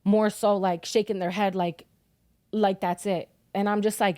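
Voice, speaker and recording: A woman's voice: mid-range voice, little pitch movement, unhurried, dark tone, dry recording. A young woman telling, as a podcast guest, how she lost her son, talking bluntly and swearing often. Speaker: grieving mother as podcast guest. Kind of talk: emotional personal storytelling.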